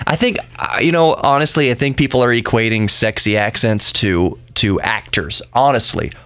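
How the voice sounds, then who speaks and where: A man's voice: medium pitch, normal speed, fairly bright tone, dry recording. A man hosting a podcast, talking through his opinions in a rambling, chatty monologue full of asides. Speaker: podcast host.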